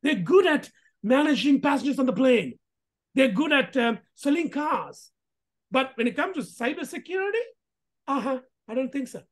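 A female host delivering casual vlog commentary with emphatic punches and rhetorical questions. Her voice sits a little high with a husky, breathy texture, and her pitch leaps about constantly. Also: moderate pace. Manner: animated, emphatic, with frequent restarts and rhetorical questions.

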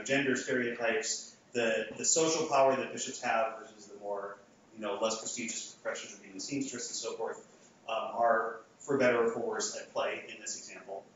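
A man's voice: mid-range voice, fairly bright tone, slight background noise. A man giving an academic lecture to a live audience, talking conversationally with frequent restarts and fillers. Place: lecture hall. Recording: echoey hall, far from mic, dull sound.

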